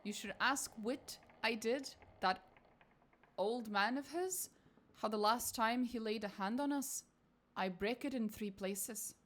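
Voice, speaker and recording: A woman voicing a fierce, coarse female spirit who shares an elf's body, speaking slowly and gruffly with a rough attempted accent. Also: fairly high pitch, fairly bright tone. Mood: defiant.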